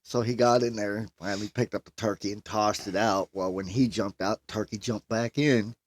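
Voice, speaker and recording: A man's voice: fairly low pitch, fairly even intonation, normal speed. A man casually telling a funny family story, laughing often as he goes. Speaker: storyteller guest.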